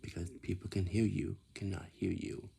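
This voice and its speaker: A young man giving casual advice, talking in halting phrases that he often restarts and sometimes drops to a whisper. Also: sits low, little pitch movement, creaky, mellow.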